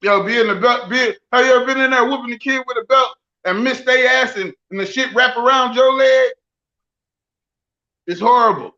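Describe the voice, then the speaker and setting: A podcast co-host in his forties, bright and high-pitched, swaps profane, joking stories in loose banter at normal speed. The audio is a little dull and lo-fi.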